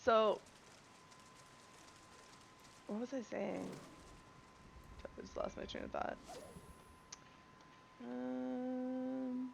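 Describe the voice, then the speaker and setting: A woman's voice: fairly high pitch, steady tone, drawn-out words, vocal fry, pauses often, lo-fi sound, a little hiss or hum. A woman streaming a game live, chatting and rambling with a stuffed-up, congested voice and often losing her train of thought. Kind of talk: live gameplay stream chat.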